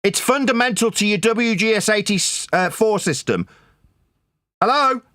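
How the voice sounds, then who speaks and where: A man rants and mocks in a heated online debate, his voice high and sharp. He repeats himself and barks insults, sounding bright and dry, close to the mic. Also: lively intonation, moderate pace, dry recording. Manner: shouting insults, mocking, repetitive. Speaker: debate caller.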